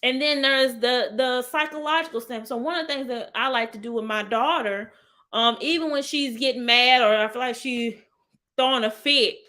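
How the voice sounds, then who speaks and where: A woman's voice: on the high side, normal speed, bright, forceful tone. A woman, hosting a casual live talk and speaking straight to her viewers as y'all. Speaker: host of a live healing talk. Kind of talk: live-stream chat.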